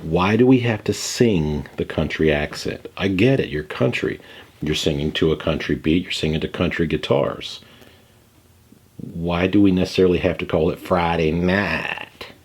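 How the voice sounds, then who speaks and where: A man in his forties with a deep, slightly husky voice hosts a music reaction video. He talks in a relaxed, wry way, dropping sarcastic and playfully theatrical asides. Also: moderate pace. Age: 40s. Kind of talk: casual reaction commentary.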